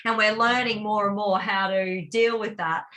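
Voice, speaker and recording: A woman's voice: mid-range voice, steady tone, moderate pace, pushed and bright. A woman telling a personal story in a candid, confessional way, rambling with plenty of fillers. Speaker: vlog co-host.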